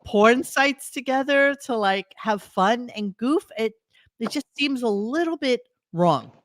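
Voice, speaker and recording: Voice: mid-range voice, expressive, a little slow, a bit bright, dry recording, studio quality. A podcast host asking a guest probing, pointed questions in a casual interview chat.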